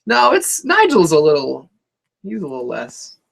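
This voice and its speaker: A man with a notably high voice co-hosts a casual wrestling chat. He talks in an animated way, laughs often and acts out loud mock quotes. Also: normal speed, gravelly. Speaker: wrestling podcast co-host.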